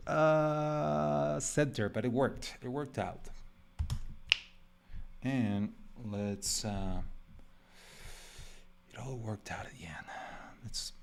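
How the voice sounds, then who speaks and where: A man's voice: medium pitch, expressive, unhurried, creaky, long pauses. A man from Mexico chatting casually and jokingly while he draws on a live stream, rambling with lots of "like". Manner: rambling and joking, heavy use of "like". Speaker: illustrator streaming a live drawing session.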